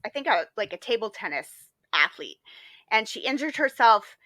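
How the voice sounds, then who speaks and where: A woman co-hosting a podcast, chatting casually and retelling a story in a lively way full of fillers. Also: on the high side, moderate pace, no echo. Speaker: podcast co-host. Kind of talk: casual chat.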